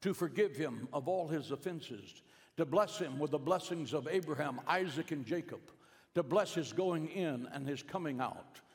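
Middle-aged male preacher, storytelling sermon, hushed-to-emphatic swings, slightly raised pitch, echoing in a big hall. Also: expressive, normal speed. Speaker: pastor. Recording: long hall reverb.

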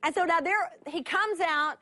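High, animated woman Bible teacher; dry, close sound. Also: normal speed, dry recording. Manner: animated, laughing storyteller. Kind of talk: teaching sermon.

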